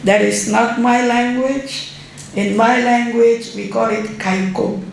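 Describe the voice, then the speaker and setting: A middle-aged woman from Suriname, giving an unhurried, conversational guest lecture as an ambassador and often checking in with her audience. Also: a little high, fairly even intonation, gravelly, slight background noise. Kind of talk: public lecture. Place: large university lecture hall. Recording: very echoey hall, faint room ambience.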